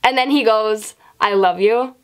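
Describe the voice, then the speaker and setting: A young woman vlogger casually telling a personal story, swearing often and acting out quoted lines in a raised voice. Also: unhurried. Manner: animated, swears often, acts out quotes in a higher voice.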